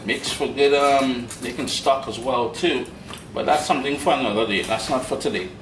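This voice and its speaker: A man's voice: medium pitch, moderate pace, a little hiss or hum. A man with a Caribbean accent hosting a cooking demonstration in his home kitchen, chatting playfully to viewers with asides. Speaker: cooking show host. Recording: echoey kitchen with utensil clatter. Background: clinking dishes and cutlery.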